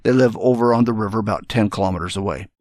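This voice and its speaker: A man's voice: lowish voice, rapid-fire, a little mellow, no room sound, clean studio sound. An older man, a retired general, telling a story and giving earnest, emphatic advice in a speech to young students.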